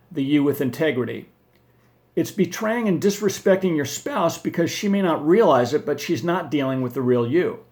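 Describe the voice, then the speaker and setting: A man presenting marriage advice in a scripted talk, giving definitions in a measured, list-like way. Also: on the high side, darkish tone.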